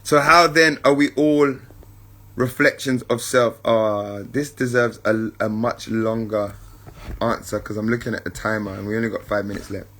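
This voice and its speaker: Speaking in a lowish, somewhat bright voice with fairly even intonation, this man hosts a spiritual podcast. His reflective delivery is unhurried; he restates points for emphasis and keeps checking in with his listeners as family.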